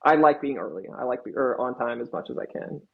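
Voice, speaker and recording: A man's voice: medium pitch, lively intonation, quick pace, vocal fry, slightly rough, phone-quality sound. A young man in a band answering interview questions earnestly, rambling a little. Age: young adult. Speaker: band member guest.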